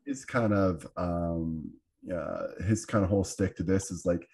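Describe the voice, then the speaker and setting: Husky low-voiced Canadian man, halting. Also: mellow. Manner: hesitant, many fillers and restarts. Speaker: podcast host. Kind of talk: casual conversation.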